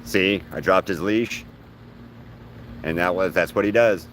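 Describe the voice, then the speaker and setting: A man's voice: low-pitched, a little slow, background noise. A man hosting a livestream, chatting casually and rambling with restarts while outdoors on grass, recorded on a handheld phone. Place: outdoors on grass walking a dog.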